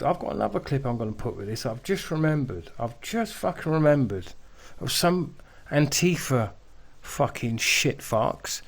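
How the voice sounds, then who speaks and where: A man's voice: medium pitch, expressive, normal speed, gravelly, few pauses. A man hosting a reaction video, ranting angrily with constant swearing and mocking jeers. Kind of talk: angry profane ranting commentary.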